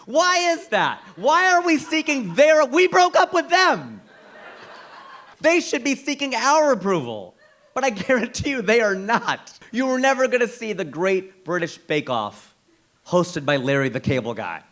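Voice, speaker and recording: An American man doing a stand-up set, telling stories with animated, punchy delivery and big emphatic swings. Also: very high-pitched, measured pace. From United States. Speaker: stand-up comedian.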